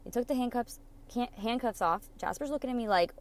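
A woman's voice: a little high, brisk, no echo. A young woman hosting a podcast, telling a personal story with plenty of swearing and acting out the quoted dialogue. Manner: candid, swears freely, acts out quoted dialogue. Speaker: podcast host.

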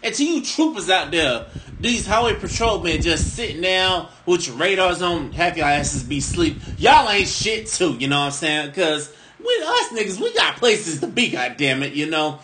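A man's voice: fairly high pitch, very animated, moderate pace, bright, forceful tone, slight background noise. A man, co-hosting a casual podcast and ranting with heavy profanity, who keeps asking "you know what I'm saying.". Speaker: podcast co-host.

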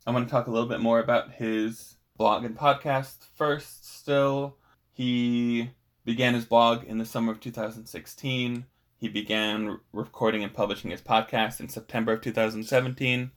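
A man's voice: medium pitch, level tone, normal speed. A man co-hosting a podcast in casual conversation, rambling and hesitant as he talks. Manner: rambling, hesitant, with many restarts and fillers. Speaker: podcast co-host. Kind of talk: casual chat.

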